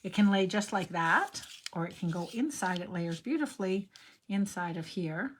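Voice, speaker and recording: A woman's voice: medium pitch, expressive, moderate pace, slight background noise. An older woman hosting a card-making tutorial, talking in a rambling, chatty way and drifting into personal stories as she works. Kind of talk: chatty crafting demonstration.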